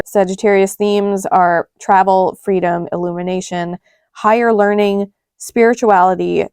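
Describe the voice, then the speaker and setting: A woman's voice: fairly low pitch, gravelly, darkish tone, clear, resonant tone, no room sound, studio quality. A young adult woman casually walking through planner pages and astrology themes, chatty and correcting herself as she goes. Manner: chatty, self-correcting, talks while pointing at pages. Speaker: planner creator and astrology guide. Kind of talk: casual tutorial walkthrough.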